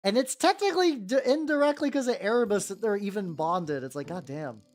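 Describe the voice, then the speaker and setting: Rambling woman in her thirties, lively pitch. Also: brisk. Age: 30s. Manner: rambling, with constant "like" fillers. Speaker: streamer painting miniatures. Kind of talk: casual chat while painting. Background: faint background music.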